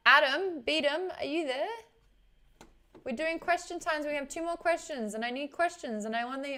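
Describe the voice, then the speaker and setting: A young adult woman, chatting casually with viewers on a live stream, greeting the chat and laughing often. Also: fairly high pitch.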